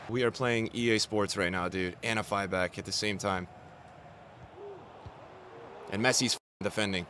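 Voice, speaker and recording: A man's voice: fairly low pitch, moderate pace, pauses often, slight background noise. Frustrated young man streaming a game. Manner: swings from flat grumbling to loud outbursts, swears a lot. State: sore throat. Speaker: gaming streamer. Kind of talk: live gameplay commentary.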